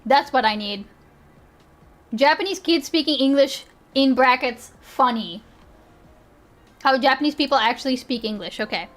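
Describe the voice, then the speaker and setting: A woman's voice: high voice, animated, normal speed, long pauses, fairly bright tone. A woman streaming, reacting to clips in casual, rambling commentary, giggling and swearing freely.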